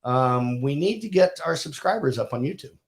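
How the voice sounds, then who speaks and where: A man co-hosting a casual podcast with his wife, relaxed and joking, with frequent fillers. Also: fairly high pitch, normal speed. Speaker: podcast co-host. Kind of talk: casual chat.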